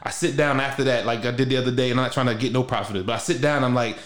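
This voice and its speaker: A young man talks in a loose, slangy way, circling back and restarting his thoughts. His voice sits at a middle pitch. The room around him is echoey. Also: fairly even intonation, racing, fairly bright tone. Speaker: podcast host. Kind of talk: casual heartfelt conversation.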